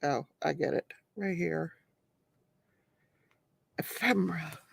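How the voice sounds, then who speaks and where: A woman's voice: sits low, takes it slowly, gravelly, slightly rough, dry recording. A woman in her forties hosting a live crafting stream, chatting casually, often laughing and reading viewer comments aloud. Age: 40s. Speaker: host of a live crafting show.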